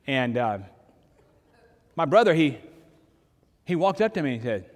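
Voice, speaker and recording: A man's voice: fairly high pitch, very animated, a little slow, big-room sound. An older man, preaching a sermon in a conversational storytelling way, with sudden emphatic rises. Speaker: pastor.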